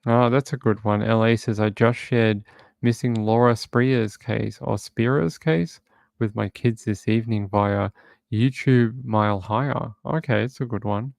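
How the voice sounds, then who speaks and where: A man's voice: on the low side, fairly even intonation, a little slow, creaky, darkish tone, no room sound. A man hosting a true crime livestream from home, chatting casually and reading viewer comments aloud.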